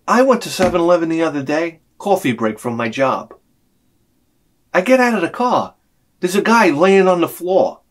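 A middle-aged man ranting to camera as a vlogger, profane and sarcastic, dropping to mutters and then shouting his outbursts. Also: high voice. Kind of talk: rambling comic rant to camera.

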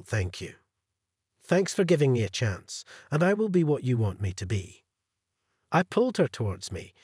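A man narrating a first-person story in a measured storytelling delivery. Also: medium pitch, slightly rough, dry recording, studio quality.

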